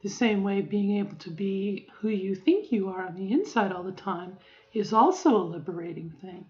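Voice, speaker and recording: A middle-aged woman speaks in a rambling, reflective way, circling back with fillers and restarts as she records a personal video diary. Her voice sits at a middling pitch. The audio is a little dull and lo-fi. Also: moderate pace, warm tone. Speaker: vlogger.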